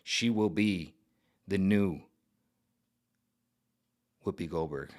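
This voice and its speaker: A man ranting comedically to camera, rambling and animated, jumping in and out of voices. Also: low voice, slow pace. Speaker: vlogger. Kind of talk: comedic rant.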